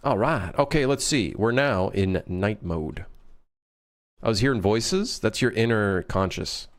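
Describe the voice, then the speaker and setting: A man with a lowish voice chatting live while he works on his game. He rambles from thought to thought, cracks jokes and swears freely. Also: expressive, measured pace. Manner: rambling, jokey, swears freely, thinks out loud. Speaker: game developer streaming. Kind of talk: casual live-stream chat.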